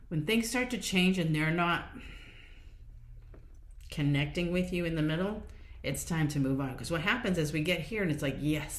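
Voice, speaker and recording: A woman's voice: low-pitched, reverberant. A woman hosting a solo podcast, talking in a casual, encouraging way and acting out little inner voices as she goes. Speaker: podcast host. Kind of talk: motivational solo podcast talk.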